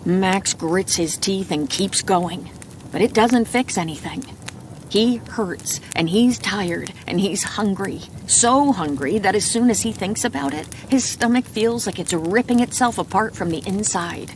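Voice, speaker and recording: A woman narrating a bedtime audiobook in a calm, soft reading voice. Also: mid-range voice, unhurried, slight background noise.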